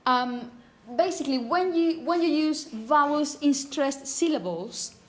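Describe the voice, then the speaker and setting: A woman teaching a pronunciation class, calling on students and asking "okay?" often, and repeating words slowly. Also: high voice, expressive. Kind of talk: classroom phonetics lesson.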